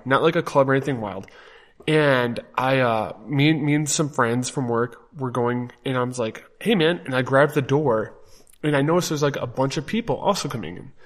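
A man's voice: medium pitch, a bit bright. A man from Wisconsin telling a story in casual podcast chat, acting out the people he quotes. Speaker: podcast co-host.

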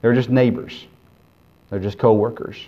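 A man preaching a sermon as pastor, earnest, swinging between loud emphasis and quiet, intimate asides. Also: on the low side, steady tone, normal speed. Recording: dull lo-fi sermon recording.

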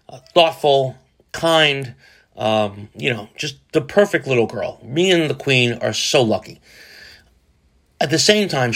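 A man rambles through a casual solo podcast in a bright, forceful voice, pitched a little higher than most men. He jokes, swears and restarts his sentences as he goes. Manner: rambling, profane, jokey, lots of restarts. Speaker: podcast host.

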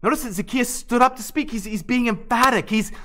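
A man's voice: extremely high pitch, brisk, fairly bright tone. A man preaching an expository sermon, earnest and emphatic, often restarting and repeating words.

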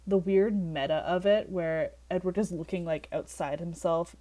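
A woman with a somewhat low voice co-hosts a casual book-discussion podcast. She talks in a loose, chatty way, leaning on "like" and stopping to read passages aloud. She sounds like she is on a remote call with her co-host. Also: steady tone, moderate pace, dark tone. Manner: chatty, heavy use of "like", reads passages aloud.

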